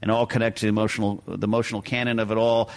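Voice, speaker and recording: A man's voice: on the low side, level tone, very fast. A man on a podcast panel chatting casually, telling stories enthusiastically and acting out little voices. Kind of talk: casual chat.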